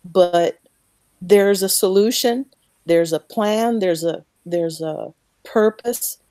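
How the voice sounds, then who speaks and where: A woman speaking slowly and earnestly about her faith as a guest, emotional and close to tears, repeating words as she goes. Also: fairly low pitch, warm tone, no echo. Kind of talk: emotional faith talk on a podcast.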